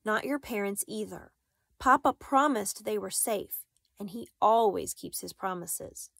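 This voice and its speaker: Woman voicing a gentle, reassuring girl, soft, dry read. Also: mid-range voice, a little slow, creaky, no echo.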